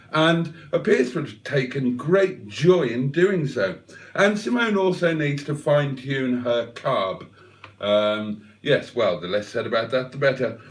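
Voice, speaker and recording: A man's voice: mid-range voice, far from the mic. A man hosting a casual livestream, joking as he reads out viewer comments. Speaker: livestream host.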